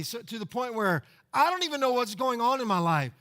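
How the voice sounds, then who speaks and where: High-voiced man preaching conversationally. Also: very animated, brisk, bright, forceful tone. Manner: conversational, rhetorical questions, repeats words. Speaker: pastor. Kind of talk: expository sermon. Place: church sanctuary.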